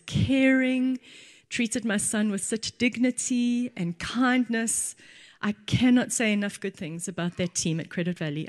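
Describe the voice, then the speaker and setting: A woman, giving an earnest church testimony as a mother, slow and emphatic. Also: mid-range voice. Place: church hall. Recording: long hall reverb.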